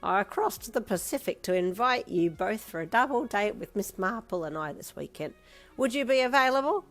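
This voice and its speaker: A woman voicing a cheerful, frail old man of almost ninety who warbles his words slowly and cracks jokes. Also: mid-range voice, lively intonation, a bit bright, faint music behind, voice pushed up, close to an everyday voice. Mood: eager. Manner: warbling, jokey, slow drawl. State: short of breath.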